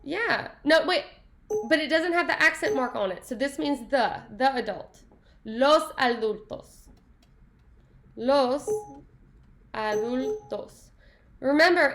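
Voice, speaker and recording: A high-voiced woman leads a Spanish lesson at an unhurried pace. She is upbeat and playful, praising students and tossing in little jokes between the drills. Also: a bit bright. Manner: upbeat, playful, sings snatches and praises answers. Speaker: Spanish teacher. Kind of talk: classroom lesson.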